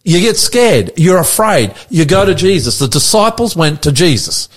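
A man's voice: a little high, sing-song. A man with an Australian accent, a pastor preaching in a radio chat, earnest and often checking that his co-host follows. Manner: earnest, preacherly, asks quick check-in questions.

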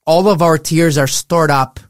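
Earnest man, slightly high, dry sound. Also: unhurried, no room sound. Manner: earnest, reflective, pastoral. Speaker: podcast co-host. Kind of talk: casual Bible discussion.

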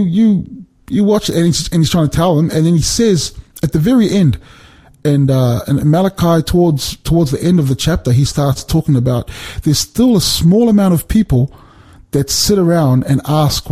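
Husky-voiced man teaching scripture. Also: on the high side. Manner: animated, emphatic, restarts and repeats words while explaining. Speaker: Bible teacher. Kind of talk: conversational Bible teaching.

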